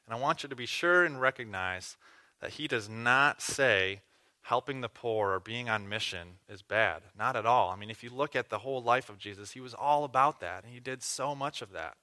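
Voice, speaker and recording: A man preaches a sermon, walking his listeners through a passage. His voice is bright and forward, and he teaches earnestly, asking questions and restarting phrases as he goes. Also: medium pitch, normal speed. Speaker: pastor.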